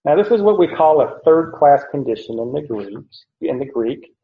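A man teaching through a Bible passage verse by verse, explaining deliberately and pausing often to correct himself. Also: a little high, animated. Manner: slow, deliberate explanation with frequent "uh" and self-corrections. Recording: roomy, dull lo-fi recording.

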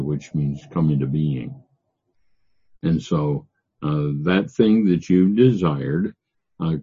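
An older man teaching a Bible passage verse by verse, halting with frequent fillers and reading the scripture slowly. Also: low-pitched, breathy edge. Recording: dull lo-fi recording.

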